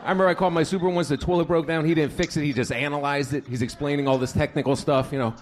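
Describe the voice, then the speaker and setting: A man's voice: fairly high pitch, steady tone, very fast, few pauses. A man doing a stand-up comedy set, telling crude stories and acting out the people in them. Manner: storytelling, crude, acts out stutters. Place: comedy club stage.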